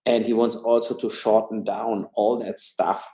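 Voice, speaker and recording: A man's voice: lowish voice, flat delivery, a little slow, warm tone, echoey room, rough recording. A man from Germany with a German accent, giving blunt, rambling, opinionated film and politics commentary on a casual live stream from home. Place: room at home.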